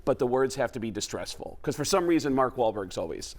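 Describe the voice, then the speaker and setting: Talk-show guest, man from New York, mid-range voice, lively storyteller who slips into impressions. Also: mid-range voice, brisk, background noise. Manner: animated storytelling, breaks into voices. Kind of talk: casual talk-show chat.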